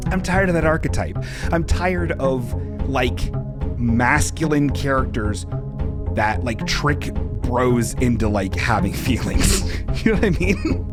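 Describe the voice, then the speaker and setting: Over a looping background music bed, a man runs his livestream podcast in a loose, joking, rambling style full of sarcastic side comments. His voice is a little high and expressive, and he talks at a normal speed.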